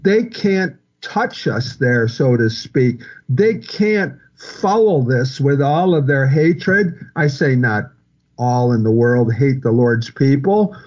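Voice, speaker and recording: A man preaching a sermon, quoting and repeating scripture in a measured, earnest way. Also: a little high, dull audio. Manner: slow, repetitive preaching with scripture quotes.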